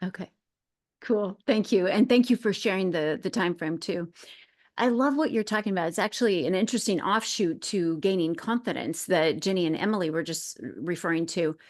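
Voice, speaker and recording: A woman's voice: fairly low pitch, moderate pace. A woman hosting a webinar on a video call, affirming and reflecting on what a participant shared. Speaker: webinar host. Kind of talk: casual chat.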